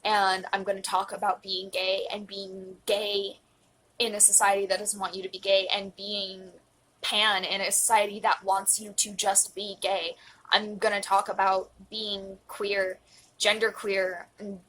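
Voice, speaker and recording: A woman's voice: mid-range voice, level tone, unhurried, a bit bright, a little hiss or hum, rough recording. A woman in her twenties speaking earnestly into a phone in a personal confessional vlog, emotional and close to tears, at times dropping to a whisper. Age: 20s. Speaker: vlogger.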